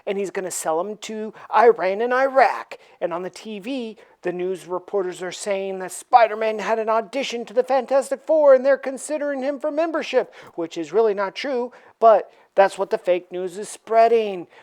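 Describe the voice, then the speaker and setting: A woman's voice: medium pitch, moderate pace, few pauses, a little mellow. A woman reviewing a comic book by retelling it in a playful, jokey storytelling manner.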